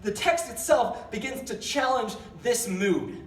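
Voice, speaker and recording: A man's voice: very high-pitched, expressive, measured pace, echoey room, recorded from a distance. A young man giving a casual youth sermon, telling a rambling story with lots of fillers and self-deprecating jokes. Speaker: youth pastor. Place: large church hall.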